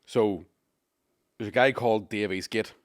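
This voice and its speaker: A man telling a rowdy story in casual podcast chat, swearing constantly and shouting out the lines of the people in it. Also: lowish voice, a little slow, dry recording, clean studio sound. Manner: swears a lot, lively storytelling with shouted impressions. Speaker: comedian podcast co-host.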